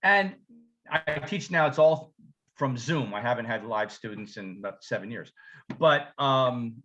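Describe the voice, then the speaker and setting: A man's voice: mid-range voice, measured pace, muffled recording. A man who teaches music, telling funny stories in a casual chat, laughing often and acting out the people he quotes. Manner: animated, laughing, swearing, acts out quoted voices. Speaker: podcast co-host, music teacher.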